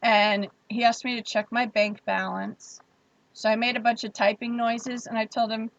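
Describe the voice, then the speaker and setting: A woman streamer telling a story in a wry, animated way, laughing between lines. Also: on the high side, normal speed, no room sound. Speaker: livestream host. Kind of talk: casual storytelling. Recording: dull lo-fi stream audio.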